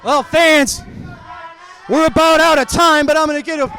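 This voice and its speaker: A man calling a wrestling match play-by-play, excited and often shouting his calls. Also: very high-pitched, moderate pace. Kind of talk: live wrestling commentary.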